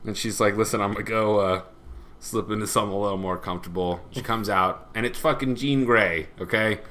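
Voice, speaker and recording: Bright-voiced young man telling a story. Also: fairly low pitch, brisk, slight background noise. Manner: storytelling, laughs often, acts out other people's lines. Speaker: podcast co-host. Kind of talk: casual comedic chat.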